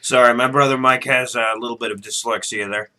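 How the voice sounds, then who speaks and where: A man's voice: mid-range voice, steady tone, a little fast, bright, forceful tone. A man hosting a podcast in casual chat, joking and teasing his guest and laughing often. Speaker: podcast host.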